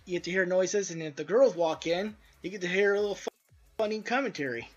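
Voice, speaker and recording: High-voiced man rambling over gameplay. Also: fast talker. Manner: rambling, loose, with crude asides. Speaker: indie game developer. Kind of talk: casual gameplay commentary. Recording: dull lo-fi audio with faint music.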